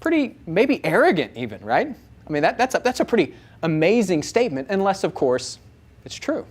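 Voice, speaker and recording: A man teaching a live audience, animated, asking them many rhetorical questions. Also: sits high, normal speed, breathy edge. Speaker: Bible teacher.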